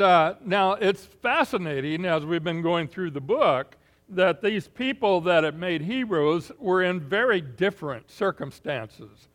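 A man preaching a sermon in an unhurried, folksy way, pausing often with fillers and clearing his throat. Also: high voice, a bit bright. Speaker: pastor.

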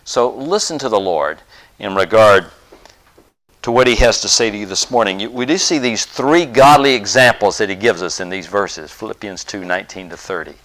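A man's voice: fairly low pitch, expressive, moderate pace, fairly bright tone. A middle-aged man preaching a sermon in an earnest style, with frequent "uh" and "um" fillers and rising emphasis on key points. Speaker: pastor.

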